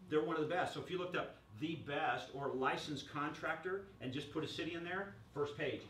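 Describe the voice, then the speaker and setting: A man giving a lively workshop presentation to a room, joking and quizzing the audience. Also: a little high, fairly quick, a little hiss or hum. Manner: energetic, jokey, asks the audience questions. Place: chamber of commerce meeting room. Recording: echoey room recorded from far off.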